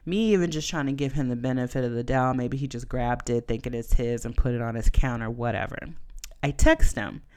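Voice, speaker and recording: A woman podcast host telling a personal story in a chatty, animated way, full of "like" and "you know". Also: rumbling low, brisk, smooth. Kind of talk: casual storytelling monologue.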